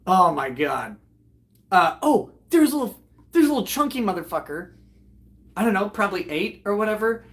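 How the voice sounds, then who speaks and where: Profane animated man telling a story. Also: high voice, fairly quick. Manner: profane, animated, laughs while retelling jokes. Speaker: host. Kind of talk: casual storytelling on a livestream.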